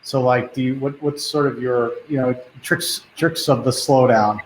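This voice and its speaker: A man's voice: medium pitch, fairly even intonation, moderate pace, slight background noise, rough recording. A man hosting an interview. He asks probing questions in a casual way with many filler words. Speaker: interview host. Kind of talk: conversational interview.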